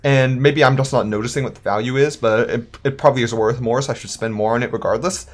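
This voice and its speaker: A man's voice: mid-range voice, fairly even intonation, fast talker. A young man in his twenties casually talking through a video game, upbeat and rambling, often correcting himself. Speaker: gaming video host. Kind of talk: casual gameplay commentary.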